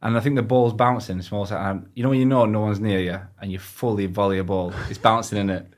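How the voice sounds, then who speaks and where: Fast-talking northern English man. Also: lowish voice, fairly even intonation. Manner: quick, laid-back storytelling with frequent laughs. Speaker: guest footballer. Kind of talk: casual chat.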